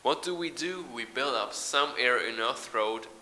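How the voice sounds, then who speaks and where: A man's voice: medium pitch, expressive, measured pace, bright, forceful tone, slight background noise. A man teaching English pronunciation, explaining patiently, modelling sounds and reading a short text aloud. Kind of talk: recorded pronunciation lesson.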